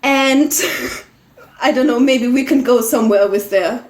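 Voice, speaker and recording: A woman's voice: on the high side, measured pace, darkish tone. A woman co-hosting a fiction podcast, chatting casually, teasing her partner and explaining story details. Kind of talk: casual chat about a story. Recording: roomy home recording.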